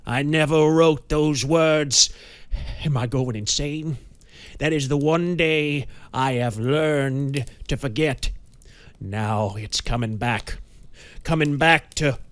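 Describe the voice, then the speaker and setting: Man doing a rich old-money millionaire, hoarse and rasping, haunted, slow and pained, pulp audiobook. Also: medium pitch, a little mellow, no room sound, close to an everyday voice. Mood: frightened agitated. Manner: speaks slowly and painfully. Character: rich middle-aged male millionaire, haunted and frightened.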